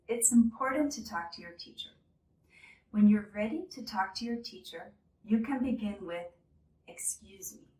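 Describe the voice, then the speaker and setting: A woman teaching an English lesson, speaking clearly and carefully as she models polite phrases. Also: medium pitch. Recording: echoey room, slightly distant mic.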